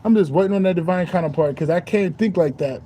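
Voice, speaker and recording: A man's voice: sits high, quick pace, dark tone, slight background noise. A young man in a casual spiritual rant as a streamer, preachy and repetitive, saying "bro" constantly.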